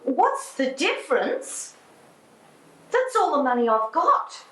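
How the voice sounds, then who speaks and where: An actress playing a betrayed woman who confronts her lying business partner, shouting angrily. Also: sits high, very animated, slow pace, echoey room, recorded from a distance, full character voice. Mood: indignant. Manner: shouting, indignant. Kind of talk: drama scene.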